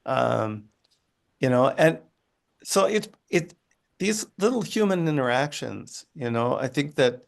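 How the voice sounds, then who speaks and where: Guy on a video call from his living room, gravelly voice, keeps restarting, chatty storytelling. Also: mid-range voice, animated. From United States. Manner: halting, with frequent restarts and asides. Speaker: guest. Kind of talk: conversational storytelling.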